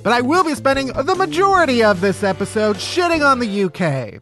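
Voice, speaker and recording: Animated sarcastic male podcast host. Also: extremely high pitch, fairly quick, over music. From Chicago area. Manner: sarcastic, profane, animated ranting. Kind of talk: comedic podcast chat. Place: studio.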